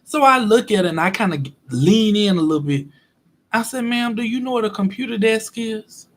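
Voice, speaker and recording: On his own show, a man with a high, fairly quick voice tells an everyday story as a casual, exasperated rant. He is animated and acts out both sides of the conversation.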